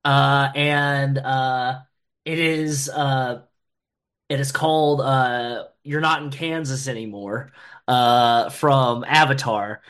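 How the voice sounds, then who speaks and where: A man's voice: mid-range voice, steady tone, slow pace, fairly bright tone, smooth. A man in a casual chat about a game, speaking hesitantly with many fillers. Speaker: player.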